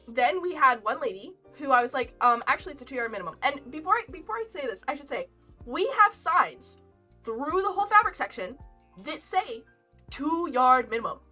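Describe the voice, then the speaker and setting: Animated high-voiced young woman ranting. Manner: animated, rambling, laughs often. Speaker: streamer. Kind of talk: casual storytime chat. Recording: lo-fi game music behind.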